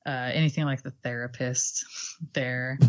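A woman's voice: extremely low pitch, level tone, a little slow, clear, resonant tone. A woman co-hosting a casual podcast chat, chatty and laughing often, swearing now and then. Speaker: podcast co-host.

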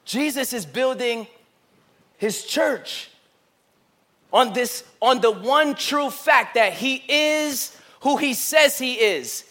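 A male pastor preaching a sermon, moving between loud emphatic bursts and hushed, slow, intimate passages. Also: very high-pitched, expressive. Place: church sanctuary.

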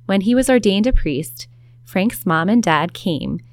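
A woman narrating a documentary in a clear, even, scripted way. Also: medium pitch, unhurried, no echo.

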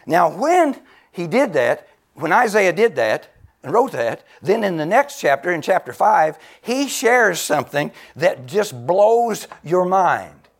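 A man in his seventies preaching a sermon, exclaiming loudly, laughing between phrases and dropping to a near whisper for emphasis. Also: high voice, big pitch swings, slow pace. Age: 70s.

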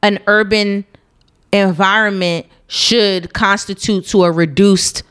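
A woman's voice: mid-range voice, fairly even intonation, takes it slowly, a bit bright, smooth. Laughing woman podcast host. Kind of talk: casual chat.

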